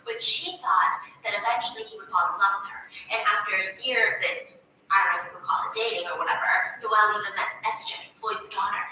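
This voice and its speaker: A woman's voice: medium pitch, a little fast, pushed and bright. Chatty woman in an echoey room. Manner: chatty, gossipy, lots of "like" and "you know". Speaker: vlogger. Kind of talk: casual storytelling retelling a plot. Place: room at home, working at a table. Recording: echoey room, distant mic, faint noise.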